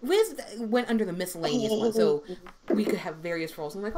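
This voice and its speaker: A young woman voice actor with a deep voice, chatting casually on a livestream and rambling with many fillers. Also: animated, a little fast, a loud crowd. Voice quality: deep female voice.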